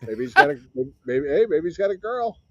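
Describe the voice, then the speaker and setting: A man's voice: fairly high pitch, very animated, brisk, sharp tone, dry recording, dull audio. A man co-hosting a casual talk show with easygoing, wry remarks. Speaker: co-host. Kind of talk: casual chat.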